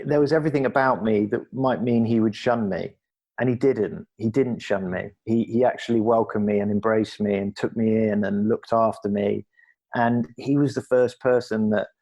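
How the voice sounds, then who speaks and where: This middle-aged English podcast guest, a former athlete, has a somewhat mellow, medium-pitched voice. Speaking earnestly and thoughtfully in a frank interview, he frequently starts his sentences over.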